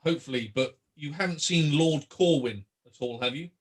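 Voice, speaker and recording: A man playing a jolly Santa-like character in a tabletop game, pitched a little high. He sounds earnest and troubled, bringing grave news in an otherwise cheery role. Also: moderate pace, natural voice. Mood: worried.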